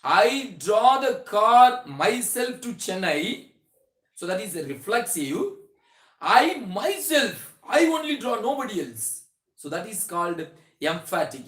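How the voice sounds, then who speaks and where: A man teaching a grammar lesson, starting many sentences with "so", restarting phrases and drawing out his example words. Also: high-pitched. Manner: explains slowly with many "so" openers and restarts, stretches example words. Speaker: English teacher. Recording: echoey room.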